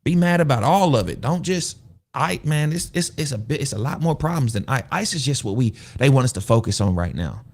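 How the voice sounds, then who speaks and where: A man's voice: mid-range voice, expressive, brisk, darkish tone. A man hosting a casual livestream, talking loosely, rambling, repeating himself and putting questions to his viewers. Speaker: show host.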